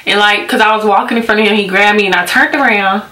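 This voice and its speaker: A woman's voice: mid-range voice, fairly even intonation, fast, sharp tone. Chatty young woman in an echoey room. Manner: chatty, giggly, lots of fillers. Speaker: beauty vlogger. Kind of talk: casual storytelling and skincare chat.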